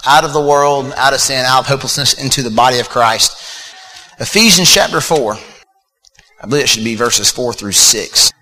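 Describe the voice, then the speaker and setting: A man's voice: mid-range voice, moderate pace, sharp tone. A man preaching a sermon in a casual, conversational way, with fillers and repeated words. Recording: long reverb of a hall.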